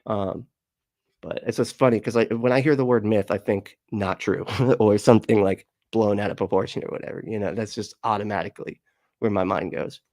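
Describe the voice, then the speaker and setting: A man's voice: lowish voice, fairly even intonation, a little fast, a little mellow, no echo, studio quality. A man hosting a livestream and reading out his chat, rambling and laughing often as he swears casually.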